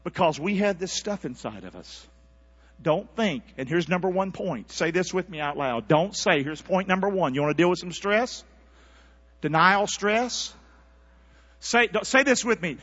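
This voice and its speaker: A preacher with a high, animated, bright voice drives his sermon with call-and-response. The sound is dull and carries a long church reverb. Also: measured pace. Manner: call-and-response preaching, shifts from near-whisper to shouting. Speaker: pastor. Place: church sanctuary.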